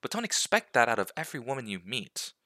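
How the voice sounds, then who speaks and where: A young man hosting a podcast, giving his opinions in casual talk and acting out quotes, with a gravelly voice. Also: medium pitch, quick pace, no echo, studio quality. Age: young adult. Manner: animated and opinionated, with acted-out quotes. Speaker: podcast host.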